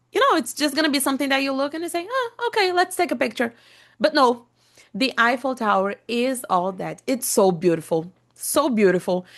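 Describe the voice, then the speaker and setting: Brazilian girl rambling on her podcast, excited, lots of "like" and "you know", young. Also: on the low side. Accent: Brazilian Portuguese. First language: Portuguese. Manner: chatty, enthusiastic, lots of fillers and restarts. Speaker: podcast host. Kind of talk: casual podcast monologue for English learners.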